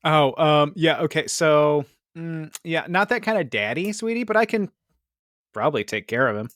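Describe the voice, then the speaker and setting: A man's voice: on the high side, animated, normal speed, fairly bright tone, dry recording. A male radio co-host doing comedic banter in a studio, playful and laughing at his own slips.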